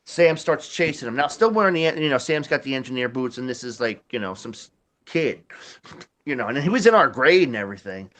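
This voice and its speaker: A man's voice: mid-range voice, expressive, fairly quick, fairly bright tone. A man, telling a rambling, profane story in casual chat, laughing often. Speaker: podcast host.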